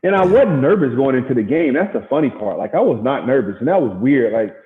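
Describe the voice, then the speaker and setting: A middle-aged man from Gary, Indiana, a former baseball pitcher, telling stories in a casual interview and acting out quotes. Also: fast talker. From Gary, Indiana, USA. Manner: animated storyteller acting out quotes. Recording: echoey, tinny phone-like sound.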